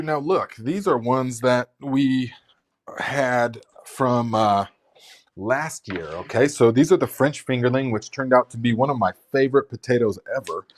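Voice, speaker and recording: A man hosting a casual live gardening Q&A, chatty and rambling, with lots of fillers and restarts. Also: medium pitch. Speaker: gardening channel host.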